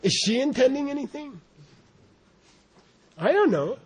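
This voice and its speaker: An American man giving an informal Buddhist teaching, rambling and animated, often laughing and saying "you know". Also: very high-pitched, measured pace, husky. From United States. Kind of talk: informal dharma talk.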